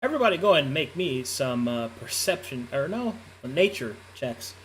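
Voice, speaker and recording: A man running a tabletop game as game master, describing scenes in slow, solemn narration. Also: medium pitch, big pitch swings, fairly bright tone, rough recording.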